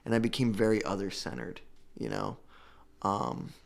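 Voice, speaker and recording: A young man with a low voice tells his personal testimony, earnest and halting. He repeats his words and stops to hold back tears. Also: sing-song, creaky. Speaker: guest telling his recovery story.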